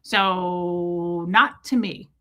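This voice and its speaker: A woman hosting a casual livestream, chatting and greeting viewers by name in quick bursts, a bit breathless in a warm small room. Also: fairly low pitch. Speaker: livestream host. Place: small room with door shut.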